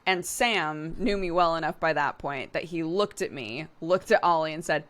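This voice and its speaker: Bright, low-pitched woman chatting casually. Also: normal speed, hardly any pauses, clear, resonant tone. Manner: chatty, laughs a lot, many fillers. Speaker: streamer reading chat. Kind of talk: casual chat.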